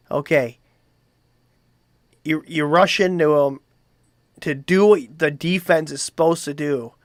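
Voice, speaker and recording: A man's voice: on the high side, fairly bright tone, no echo, studio quality. A man hosting a comedic commentary show, ranting in disbelief and swearing freely. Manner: incredulous, swearing rant. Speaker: show host.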